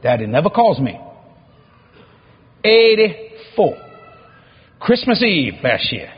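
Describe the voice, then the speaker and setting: Animated high-voiced preacher, fifties. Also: male voice, slow, husky, muffled recording. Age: 50s. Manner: animated, acts out dialogue, laughs often. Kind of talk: storytelling sermon.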